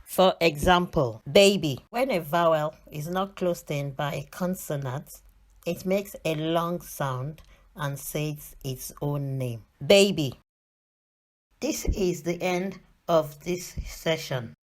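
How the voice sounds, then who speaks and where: A woman's voice: low-pitched, slow pace. A British woman narrating a beginners' reading lesson, carefully sounding out letters and words. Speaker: reading teacher. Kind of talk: slow scripted lesson narration.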